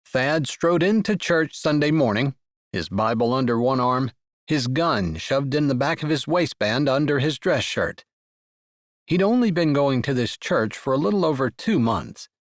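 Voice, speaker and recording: An expressive male audiobook narrator with a mid-range voice reads scripted romance narration. The studio sound is clean with no echo.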